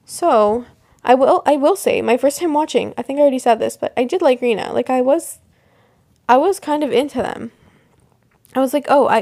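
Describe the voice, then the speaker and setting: A woman's voice: fairly high pitch, darkish tone. A young woman hosting a casual solo podcast, rambling with lots of fillers and restarts. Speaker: podcast host. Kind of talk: casual solo podcast chat about a TV show.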